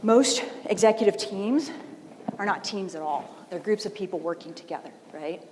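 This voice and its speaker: A woman's voice: mid-range voice, moderate pace, a little mellow, slight background noise. A woman giving a conversational conference keynote, telling stories and often checking in with "right?". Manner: conversational, storytelling, frequent "right?" asides. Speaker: keynote speaker. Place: large event hall. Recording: long hall reverb, faint ambience.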